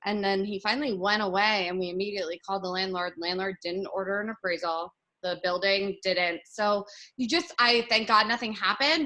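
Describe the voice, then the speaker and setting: Chatty thirties woman, bright forceful voice, rambly and casual. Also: mid-range voice. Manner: chatty, full of "like" fillers. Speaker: podcast guest. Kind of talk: casual storytelling.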